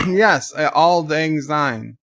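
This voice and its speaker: A man's voice: fairly high pitch, animated, drawn-out words, fairly bright tone, no echo. A man hosting a casual livestream who reads viewers' chat messages aloud and answers them. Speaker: livestream host.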